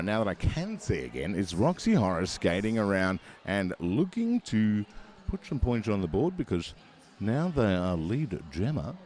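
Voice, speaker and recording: Speaking into a headset, an Australian man gives chatty, rambling live commentary on a roller derby bout, full of fillers and self-deprecating asides. His voice sits low and is a little mellow, with slight background noise.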